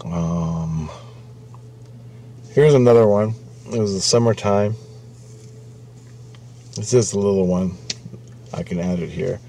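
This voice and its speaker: Man, mellow dark voice, rambling casual storytelling, profane. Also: deep voice, slow, long pauses, a little hiss or hum. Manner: rambling, profane, repeats himself. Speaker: vlogger.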